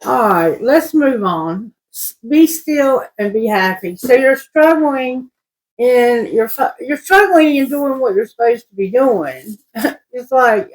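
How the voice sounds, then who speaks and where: Her voice is fairly high and animated, and the recording is rough. A woman tarot reader works through scripture aloud, musing loosely and often beginning sentences again. The pace is slow and self-correcting, a relaxed, rambling spiritual reading.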